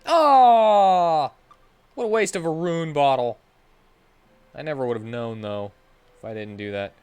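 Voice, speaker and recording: A woman's voice: deep voice, measured pace, a little mellow, smooth. A woman streamer giving wry, joking commentary as she plays a game. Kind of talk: casual gameplay commentary.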